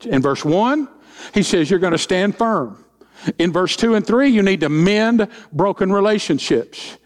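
A man's voice: sits high, expressive, measured pace. A middle-aged man preaching as senior pastor, in a folksy way with joking asides and acted-out quotes. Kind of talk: sermon with humorous stories.

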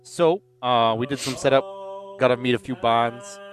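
A man runs a tabletop session as game master, pausing often with fillers as he lays out the scene. A faint guitar plays underneath. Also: mid-range voice. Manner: hesitant, filler-heavy.

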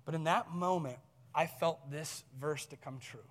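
A fairly high-voiced man preaches from the front of a large church hall, his words ringing out in a long reverb. He speaks earnestly and tells a story from his family life, laughing at himself now and then. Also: normal speed, fairly bright tone. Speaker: pastor. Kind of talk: sermon with personal story.

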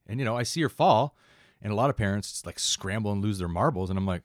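Fast-talking deep-voiced man, dry sound. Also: dry recording. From Canada. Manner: relaxed, rambling anecdotes with many asides. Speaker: firefighter and instructor, guest. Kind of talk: casual interview storytelling.

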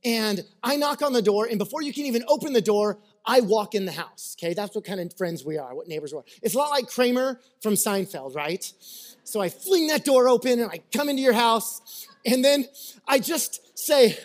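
A man's voice: high voice, lively intonation, a little fast. A man preaching a sermon in a conversational, storytelling way, acting out little scenes and checking in with his listeners. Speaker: pastor.

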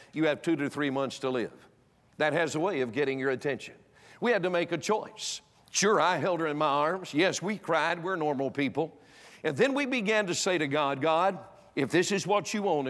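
Older male preacher, slightly high-pitched, emphatic pulpit delivery, recorded in a long-reverb auditorium. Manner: emphatic, swings from loud exhortation to hushed storytelling. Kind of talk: sermon. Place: church auditorium.

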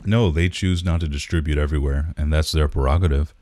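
A man's voice: a bass voice, fairly even intonation, fairly quick, warm tone, no room sound. A man co-hosting a podcast, chatting in a laid-back, rambling way with lots of fillers, recorded close on the mic. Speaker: podcast co-host. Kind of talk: casual chat.

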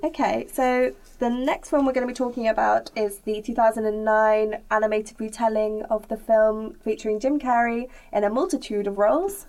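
A woman hosting a podcast, reading brisk prepared introductions and putting questions to the others. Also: fairly high pitch, steady tone, darkish tone. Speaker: podcast host introducing segments.

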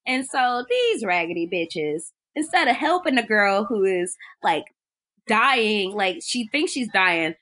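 A young woman recapping a film in casual chat, animated, laughing often and loudly acting out the characters' lines. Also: medium pitch, slow pace.

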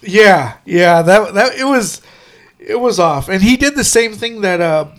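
A man co-hosting a podcast, chatting casually about movies, laughing often and swearing, with many drawn-out fillers. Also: high voice, lively intonation. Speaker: podcast co-host.

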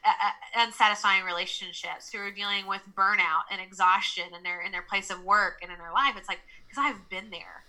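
Bright-voiced Southern woman, earnest. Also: mid-range voice, a little fast, few pauses, rough recording. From Nashville, Tennessee. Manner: open, earnest storytelling. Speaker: life coach, podcast guest. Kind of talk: casual interview conversation.

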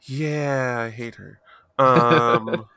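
A man's voice: medium pitch, fairly even intonation, drawn-out words, bright, forceful tone, smooth, no room sound, clean studio sound. A man playing a tabletop game, thinking aloud with wry remarks. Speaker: player. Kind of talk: casual tabletop game chat.

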